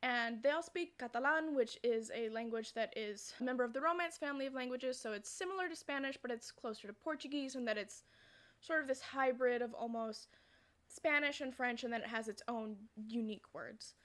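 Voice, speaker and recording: A woman's voice: on the high side, fairly quick, fairly bright tone. A chatty woman telling a story in her vlog, wandering off on side tracks and laughing through it. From United States. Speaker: vlogger.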